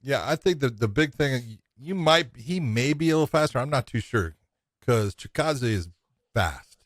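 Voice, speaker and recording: A middle-aged man co-hosts a casual chat show, talking eagerly and circling back over his points. His voice sits at an everyday pitch. The room sounds dry and close. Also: animated, moderate pace, no echo. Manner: enthusiastic, repeats phrases, swears casually. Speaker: podcast co-host. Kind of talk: casual MMA podcast chat.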